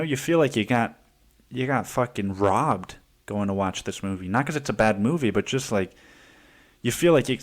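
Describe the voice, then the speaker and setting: A man hosting a podcast in a casual, rambling monologue full of curses, fillers and restarts. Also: mid-range voice. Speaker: podcast host.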